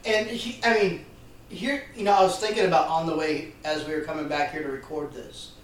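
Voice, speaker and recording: A man's voice: fairly high pitch, steady tone, a little fast, a little hiss or hum. A man hosting a podcast who chimes in with playful quips and reflections in a casual conversation. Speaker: podcast host. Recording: roomy, distant mic with faint ambience.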